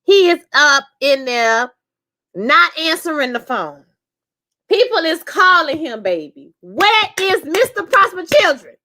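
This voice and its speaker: Lively, high-voiced woman reviewing. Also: a little slow. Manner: animated, profane, acts out quotes in character voices. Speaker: show reviewer. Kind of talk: casual live review chat.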